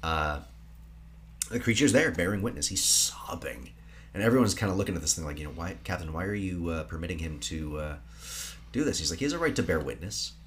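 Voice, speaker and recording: Man, podcast co-host, very low voice, dramatic plot retelling with hushed moments, faint hum. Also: animated, fast talker. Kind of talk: casual film recap podcast.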